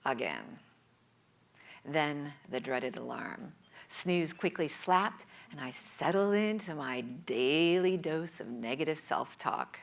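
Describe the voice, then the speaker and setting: A woman's voice: low voice, expressive, takes it slowly, gravelly. A woman giving a scripted storytelling talk, in a dramatic, playful delivery with whispered asides. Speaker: speaker.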